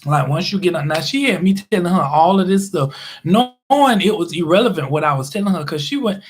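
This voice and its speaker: Chatty high-voiced man telling stories. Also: lively intonation, fairly quick, slight background noise. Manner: chatty, rambling, laughs often, acts out quoted voices. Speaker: YouTube live streamer. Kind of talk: casual storytelling monologue.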